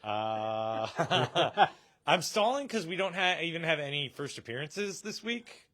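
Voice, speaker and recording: A man's voice: on the high side, big pitch swings, takes it slowly, a bit bright. A man hosting a casual live stream from a comic shop, joking and laughing often.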